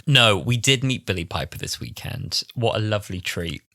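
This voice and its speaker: Lively, bright-voiced man. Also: on the low side, normal speed, creaky, dry recording, clean studio sound. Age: 20s. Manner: animated storytelling, laughing, mimicking voices. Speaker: podcast co-host. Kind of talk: casual chat.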